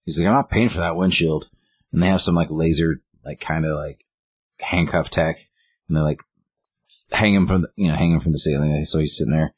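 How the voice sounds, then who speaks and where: A man with a very low, husky voice tells a story in casual chat. He jumps into quick acted-out lines of dialogue, lifting his voice for each one. The sound is dry and close. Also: dry recording. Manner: animated retelling, acting out lines of dialogue in a raised voice. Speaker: co-host recapping a game story.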